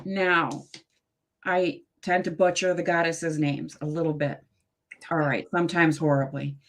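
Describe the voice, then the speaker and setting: A woman's voice: low-pitched, fairly even intonation, unhurried. Chatty woman hosting a tarot show. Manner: chatty, friendly, reads cards aloud. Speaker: host. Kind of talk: live tarot reading show.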